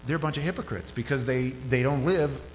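A man delivering a casual, conversational sermon at an average pitch, his voice climbing high and loud whenever he gets worked up. The sound carries a long hall reverb, with a faint hum underneath. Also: a little fast. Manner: conversational, rises sharply when animated. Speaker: pastor.

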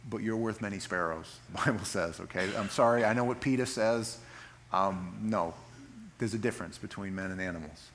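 A man preaching a sermon in an animated, folksy way, reading scripture slowly and solemnly between joking asides. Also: fairly low pitch, slight background noise. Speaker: pastor.

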